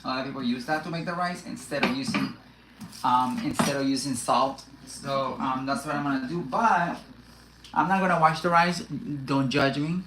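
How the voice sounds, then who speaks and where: A woman's voice: very deep voice, normal speed, noisy background. A woman hosting a casual live cooking stream from her home kitchen, chatting to viewers and to herself while she works, with lots of restarts. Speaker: cooking livestream host. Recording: echoey kitchen with loud pan and dish clatter.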